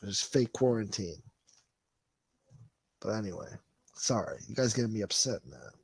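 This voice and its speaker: A man's voice: fairly low pitch, sing-song, moderate pace, vocal fry, husky, no room sound. A man hosting a casual livestream, reading viewer comments and ranting in a profane, sarcastic way. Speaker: livestream host.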